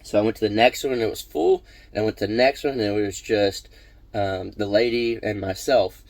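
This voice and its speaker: A man's voice: on the low side, fairly even intonation, a little fast, a little mellow, no echo. A man casually telling a personal story on his vlog, rambling with many fillers and restarts. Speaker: vlog host.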